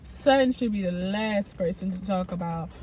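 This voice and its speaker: A woman's voice: mid-range voice, normal speed, a little mellow, slight background noise. A woman with a cold, congested, giving a chatty, frank recap of a reality show and talking straight to her viewers. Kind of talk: casual recap commentary.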